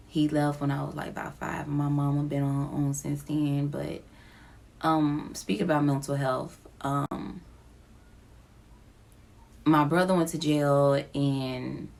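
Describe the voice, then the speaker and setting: A woman speaks into her phone in a personal confessional vlog. Her voice sits low with a gravelly fry, and she talks slowly, pausing often. She sounds emotional and close to tears. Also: a little mellow. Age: adult with children. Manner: slow, halting, emotional, near tears. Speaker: vlogger. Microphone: phone app recording.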